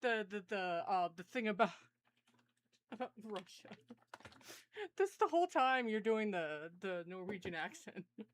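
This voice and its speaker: A woman's voice: mid-range voice, animated, a little slow, long pauses. Joking woman in casual chat. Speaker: podcast co-host.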